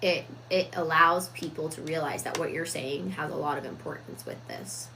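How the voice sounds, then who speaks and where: A woman giving a reflective, casual talk on personal growth, deliberate with frequent fillers. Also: deep voice, noisy background. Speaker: self-improvement vlogger.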